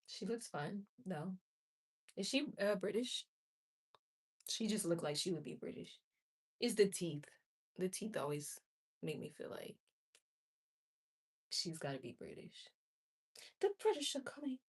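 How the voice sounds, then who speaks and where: A woman chats casually on a live stream in a sing-song, slightly rough mid-range voice. Chatty and candid, she reacts to viewer comments with quick laughs and exclamations.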